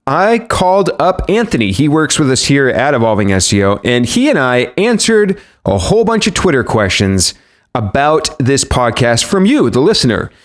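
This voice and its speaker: A man hosting a podcast, opening the episode in an upbeat, grateful way and saying how excited he is. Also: medium pitch, a little hiss or hum. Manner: upbeat and thankful, repeats "very excited". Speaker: podcast host.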